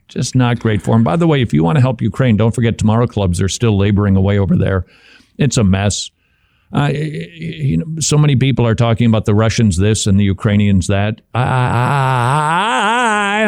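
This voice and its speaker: Male christian talk host, wry asides, casual commentary, mid pitch, dry close sound. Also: creaky, darkish tone, dry recording. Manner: wry, conversational, with asides and chuckles.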